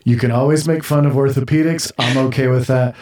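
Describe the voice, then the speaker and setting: A man's voice: mid-range voice, steady tone, a little fast, darkish tone, recorded from a distance. A man co-hosting a podcast, from Idaho and working as a doctor, talking casually with teasing, dry humor. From Idaho, United States. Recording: echoey, off-mic sound.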